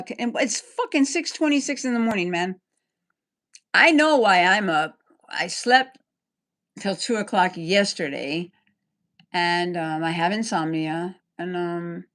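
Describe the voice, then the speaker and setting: A woman's voice: on the low side, a bit bright. A woman livestreaming an angry, rambling rant, full of profanity.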